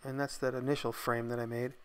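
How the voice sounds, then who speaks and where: A man narrates a voice-over of his workshop build in a casual way, thinking aloud, relaxed and tired. His mid-range voice is fast and clean in tone.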